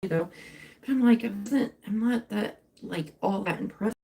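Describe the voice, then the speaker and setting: A young woman speaks a little slowly in a medium-pitched, gravelly, warm voice, captured on a phone mic. She hosts a casual livestream while crafting at home, chatting in a rambling way and interrupting herself.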